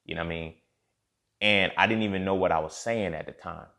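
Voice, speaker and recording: Deep-voiced man telling a story. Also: fairly quick, bright, forceful tone. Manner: candid and profane, reenacting dialogue, heated in spots. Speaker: podcast host telling a personal story. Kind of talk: casual storytelling monologue.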